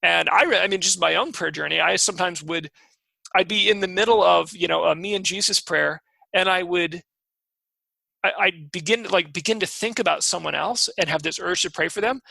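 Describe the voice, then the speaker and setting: A man's voice: high voice, fairly quick, gravelly, pushed and bright, no room sound, rough recording. A man co-hosting a podcast, talking about faith in an earnest, eager way and often restarting his sentences. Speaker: podcast co-host. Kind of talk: casual faith discussion.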